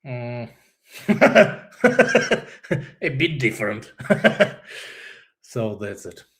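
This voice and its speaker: A man's voice: mid-range voice, big pitch swings, fairly bright tone. A man with a Russian accent speaks English as a second language, stopping often to hunt for the right word. He tells his own story openly as an interview guest, breaking into laughter along the way. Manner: halting, searches for English words, laughs often. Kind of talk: candid personal story.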